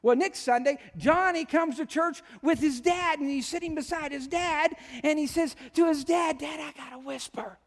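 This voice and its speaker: A man's voice: extremely high pitch, normal speed, hardly any pauses, in a large hall. A man preaching a sermon as pastor, talking conversationally and often asking the congregation questions. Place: church sanctuary.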